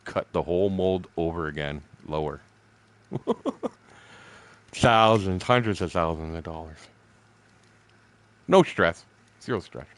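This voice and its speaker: While he streams a game, a blunt man in his sixties tells casual, rambling stories laced with nonstop profanity and laughter between comments. He speaks at a moderate pace in a low voice.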